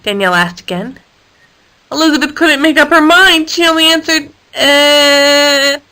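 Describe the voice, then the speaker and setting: A woman reading a children's animal story aloud in a lively, expressive way. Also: high-pitched, a little fast, low-quality recording.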